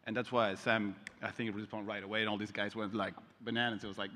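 A man, as a film director on a panel and telling a relaxed story full of fillers and acted-out quotes. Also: on the low side, fast talker, slight background noise. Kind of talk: casual anecdote on a panel. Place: large convention hall, live panel. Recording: echoey convention hall.

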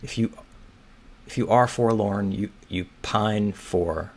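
Solving a crossword, this man thinks out loud in a fairly low, slow voice. His muttering is hesitant, and many of his guesses come out as questions.

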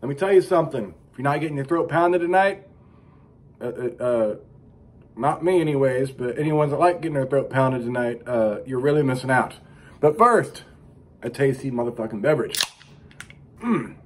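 A middle-aged man delivering a crude, rambling comic monologue as a vlog host, profane with deadpan asides. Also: mid-range voice, normal speed.

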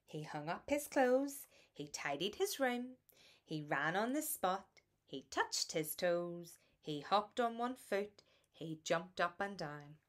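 A woman reading a children's bedtime picture book aloud in a soft, soothing, lilting way. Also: on the low side, animated, slow. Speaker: storybook reader.

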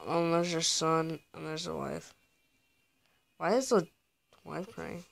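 A man's voice: on the high side, steady tone, slow, vocal fry, fairly bright tone. A man giving casual gameplay commentary, talking to his viewers in a rambling, heartfelt way. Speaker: gaming video creator.

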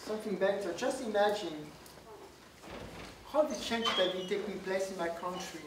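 A guest lecturer with a French accent, mid-range in pitch and moderate in pace, projects to a packed lecture hall without a microphone, drawing light laughs. The talk is a lecture followed by questions and answers. Captured unamplified from a distance, the recording sounds roomy, far-off and noisy.

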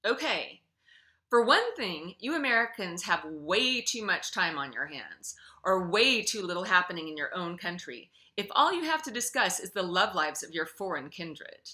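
A woman's voice: fairly low pitch, big pitch swings, moderate pace, pushed and bright. A woman reading aloud and voicing an exasperated, defensive young male French revenant in a storybook reading. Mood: indignant.

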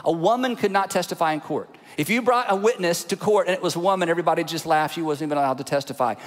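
Male pastor, higher-pitched delivery, storytelling sermon in a long-reverb auditorium. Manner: storytelling with hushed dramatic drops to a whisper. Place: church auditorium. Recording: large hall with long reverb.

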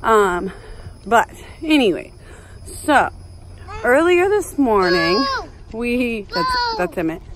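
A woman's voice: a little high, slow, pauses often, noisy background. Chatty woman storyteller. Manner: chatty, animated, exclaiming, says "like" often. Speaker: mom vlogger. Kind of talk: casual storytelling vlog. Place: outdoors, walking.

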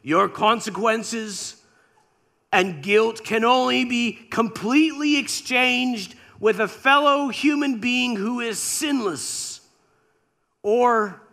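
A man's voice: high-pitched, takes it slowly, gravelly, bright, forceful tone, exaggerated voice. A man preacher voicing a grieving, tender God as he retells a scripture story in a sermon. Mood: sorrowful, solemn. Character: grieving male God, gentle and sorrowful.

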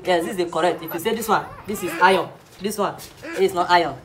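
A man's voice: sits high, fast talker, a crowd in the background. A man with a Nigerian accent playing a comic teacher in a skit. He lectures mock-earnestly, chuckles as he talks, and keeps asking whether the class is following.

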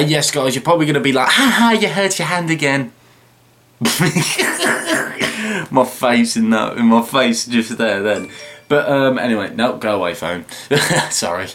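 A tired man hosting a video reaction, rambling and chatting with frequent excited remarks and laughs. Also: mid-range voice. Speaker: reaction channel host. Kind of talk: casual video reaction commentary.

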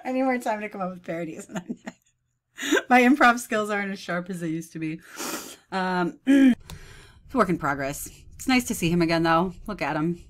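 A woman's voice: fairly low pitch, lively intonation, moderate pace. A woman in her thirties giving mocking, sarcastic reaction commentary, often breaking into laughs. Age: 30s.

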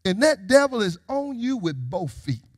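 Male pastor, high lively voice, call-and-response sermon delivery, dry close sound. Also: normal speed, no room sound. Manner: call-and-response preaching with rising shouts.

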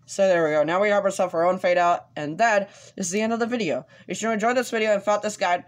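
A man talking through a casual screen-recorded software tutorial, halting, with many fillers and restarts as he explains each step. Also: sits high. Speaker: tutorial host.

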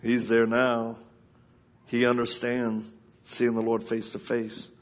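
A man preaches a live sermon in a slow, mid-range voice, sharing personal stories with laughter before urging the crowd directly. He's a lively storyteller who laughs often and acts out quotes.

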